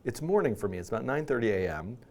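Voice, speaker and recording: A man's voice: medium pitch, expressive, fast, a little mellow. Tired, playful male live-stream host. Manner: playful, rambling, self-deprecating. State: tired and out of breath. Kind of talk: casual live-stream chat.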